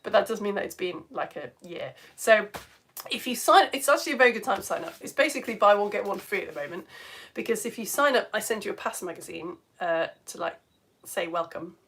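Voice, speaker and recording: A woman's voice: medium pitch, animated, a little fast, fairly bright tone, slightly rough. A British woman presenting a live science lesson for children, gushing and exclamatory as she reads out viewers' comments. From United Kingdom. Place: home studio.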